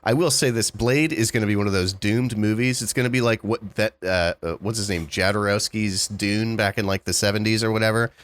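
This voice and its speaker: A man co-hosting a casual podcast, opinionated and excitable, swearing and slurring words as he rushes his thoughts out. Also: on the low side. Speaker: podcast co-host. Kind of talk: casual chat.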